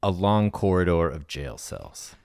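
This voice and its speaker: Brief: male co-host, low and dry, laid-back improv narration. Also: sing-song, a little slow, gravelly, darkish tone, no echo. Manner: laid-back, describing scenes like a director. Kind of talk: improvised comedy podcast.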